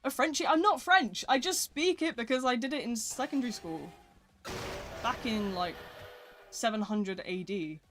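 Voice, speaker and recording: A woman's voice: fairly high pitch, animated, moderate pace, a bit bright, faint music behind. A young woman with a British accent chatting casually on a live game stream, rambling and self-deprecating as she reads her chat aloud from a home desk mic.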